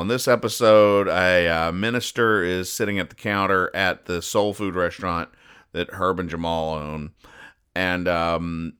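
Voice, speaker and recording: A man's voice: low voice, sharp tone, clear, resonant tone. A man hosting a podcast, reading comic strips aloud and explaining the jokes in a rambling way, often stopping and restarting. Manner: rambling, stops and restarts, puzzled asides. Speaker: podcast host. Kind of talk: casual comedic comic-strip commentary.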